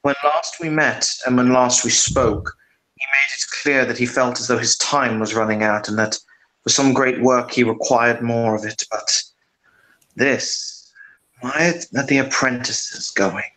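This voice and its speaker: A man voicing a tall, powerful mage leader who speaks in a weary, measured and formal way. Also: mid-range voice, steady tone, sharp tone, low-quality recording. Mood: troubled.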